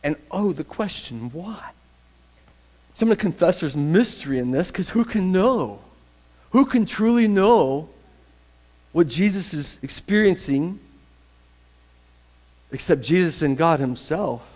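A man's voice: high-pitched, lively intonation, measured pace, long pauses, darkish tone. A man preaching a sermon in a conversational, emphatic way, repeating phrases for stress. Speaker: pastor.

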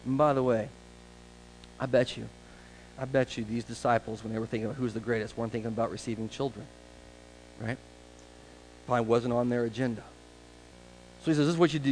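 A male pastor preaching a conversational sermon, full of casual asides and rhetorical questions, sometimes brisk and sometimes drawn out. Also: medium pitch, slight background noise, poor audio.

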